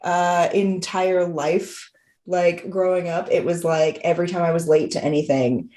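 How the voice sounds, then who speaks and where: A woman's voice: fairly low pitch, steady tone, a little slow, mellow, reverberant. A young woman co-hosting a podcast, telling a story in casual, rambling chat and acting out quotes in a raised voice. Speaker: podcast co-host.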